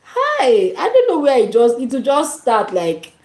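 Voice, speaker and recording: Nigerian woman, vlogger, unhurried casual chat, laughs a lot, echoey room. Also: high-pitched, huge pitch swings, darkish tone. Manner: laughs often, drops into Nigerian Pidgin slang.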